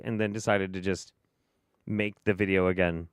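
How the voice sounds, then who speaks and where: A man's voice: on the low side, normal speed, a bit bright, clean tone, no echo, clean studio sound. An American man hosting a stream, reacting to clips with sarcastic, profane, mocking commentary. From United States. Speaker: host.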